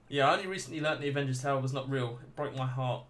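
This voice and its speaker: Streaming a video game live, this man chats casually with his viewers, reacting with laughter and curses in let's-play style. His voice is medium-pitched and a bit bright, and there's a little hiss or hum on the recording.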